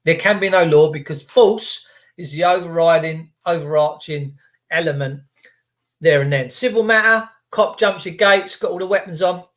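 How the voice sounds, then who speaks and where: A man's voice: on the high side, moderate pace, a bit bright. A man hosting a livestream, ranting indignantly and sarcastically and talking straight to his chat viewers. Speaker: livestream host.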